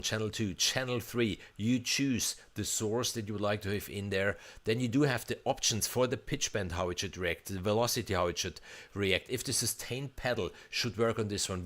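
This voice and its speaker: A man's voice: sits low, a bit bright. A man composer live-streaming a walkthrough of a sample library, talking in a chatty, enthusiastic way with frequent restarts. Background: faint instrument demos playing.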